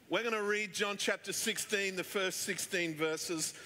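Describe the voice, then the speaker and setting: A man's voice: a little high, measured pace, hardly any pauses, bright, forceful tone, a little hiss or hum. A middle-aged man preaching a sermon, telling stories in a chatty way with plenty of fillers. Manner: chatty storyteller, many fillers. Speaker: pastor. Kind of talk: sermon with anecdotes. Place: church hall. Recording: echoey church hall.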